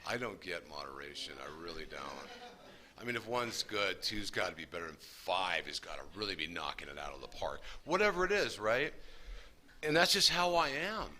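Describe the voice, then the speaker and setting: Low, forceful man sharing his story. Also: animated, moderate pace. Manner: emphatic, earnest, folksy, addresses listeners as "man". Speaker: speaker sharing at a recovery meeting. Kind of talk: personal recovery talk to a group.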